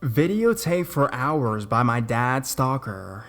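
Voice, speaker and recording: A young man narrating scary stories in a steady reading voice that rises at the shocking parts. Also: medium pitch, takes it slowly, faint music behind. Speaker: horror story narrator. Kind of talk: scripted horror story narration.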